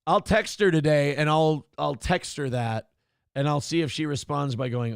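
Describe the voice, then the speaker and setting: A man's voice: normal speed, creaky, smooth, dry recording, clean studio sound. A man hosting a morning talk show, casually reading viewer comments aloud with sardonic mock indignation and cursing freely. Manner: puts on a high sing-song voice for quoted lines.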